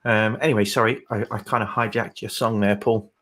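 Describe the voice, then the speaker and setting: A man's voice: lowish voice, fairly even intonation, a little fast, a bit bright. A man co-hosting a folk music livestream, chatting casually with fillers and rambling asides. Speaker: livestream co-host and singer.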